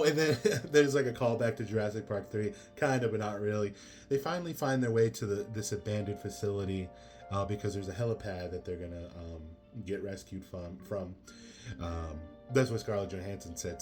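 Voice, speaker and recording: A man's voice: lowish voice, darkish tone. A man giving a casual spoken movie review, rambling with many fillers and exasperated asides.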